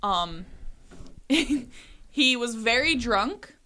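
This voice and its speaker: Southern woman co-host, higher pitch, chatty storyteller. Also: expressive, extremely slow, sharp tone. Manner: laughing storyteller, swears casually. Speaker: podcast co-host. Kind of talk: casual chat.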